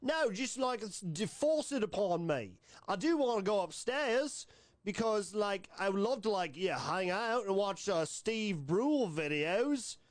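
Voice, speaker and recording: Male streamer voicing a squeaky, excitable young dude, lively and pleading, dry close sound. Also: unhurried, dry recording. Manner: high, eager, pleading. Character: whiny young man streamer friend.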